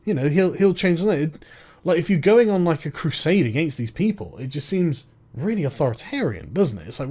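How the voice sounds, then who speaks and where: A man's voice: on the high side, big pitch swings, brisk, darkish tone, slightly rough. A man ranting in an exasperated, profane and rambling way, with many false starts. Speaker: online commentator. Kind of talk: ranting video commentary.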